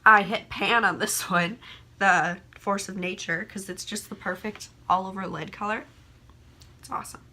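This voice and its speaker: Hoarse young woman chatting about makeup. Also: mid-range voice, steady tone, moderate pace, bright, forceful tone. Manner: chatty, rambling, swears casually. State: hoarse from a cold. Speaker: beauty vlogger. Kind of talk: casual chat. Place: room by a window.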